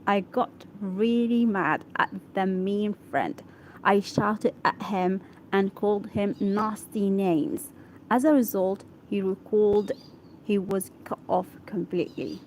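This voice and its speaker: Slow halting woman reading aloud. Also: medium pitch, a little hiss or hum, low-quality recording. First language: Arabic. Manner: halting, self-correcting, checks pronunciation of words. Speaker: English learner. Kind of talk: reading an article aloud for practice.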